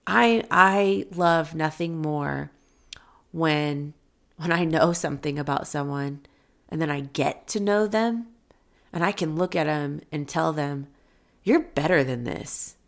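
A woman with a low voice and a gravelly edge speaks as a podcast host. She talks in an earnest, encouraging way, telling stories to motivate her listeners. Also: slow. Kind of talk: motivational podcast talk with a personal story.

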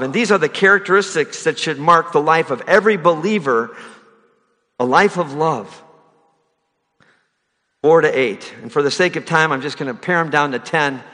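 A man preaching a sermon as a pastor, rising to loud, emphatic high passages and dropping soft for key lines. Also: big-room sound.

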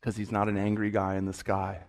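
A man's voice: on the low side, completely flat delivery, brisk. A man preaching a sermon with passion, asking the listeners rhetorical questions. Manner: impassioned, rhetorical questions, rising intensity.

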